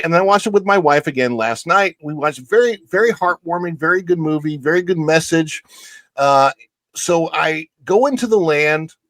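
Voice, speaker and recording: A man co-hosting a talk show, telling a story in an animated, enthusiastic way, with his voice jumping higher when he gets excited. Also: no echo. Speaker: co-host. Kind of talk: casual storytelling chat.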